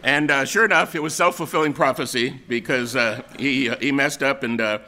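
An older man from the United States delivers a sermon in an easygoing, storytelling manner. His voice is bright and forward, and he often stops to restart a phrase or add a filler. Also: medium pitch, brisk. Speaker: pastor.

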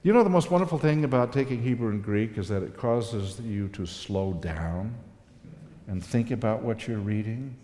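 A man's voice: lowish voice, expressive, normal speed, warm tone, long reverb tail. A man telling a personal story in a sermon-style talk, earnest and reflective, with emotional swells. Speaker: speaker giving a talk.

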